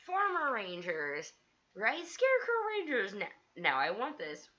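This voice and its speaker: Excitable woman streamer, bright lively voice. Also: mid-range voice, a little slow, dull audio. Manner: excitable, laughs often, rambling. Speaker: livestream host. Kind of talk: casual livestream chat. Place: home studio with green screen.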